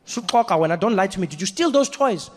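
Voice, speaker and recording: A man's voice: high-pitched, animated, quick pace. Man doing a stern scolding African mom. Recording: echoey hall, crowd noise.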